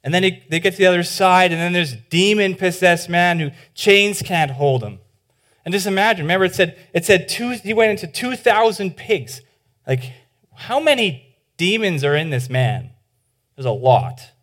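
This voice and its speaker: A pastor giving a sermon in an informal, animated way. He often says "like", restarts his sentences and acts out the voices in the stories. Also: high-pitched, moderate pace.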